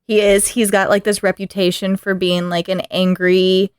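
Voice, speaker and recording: A woman's voice: mid-range voice, normal speed, clean tone, no room sound. Dry-sounding woman chatting with lots of laughter. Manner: animated, laughs often while talking. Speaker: podcast co-host. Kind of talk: casual chat.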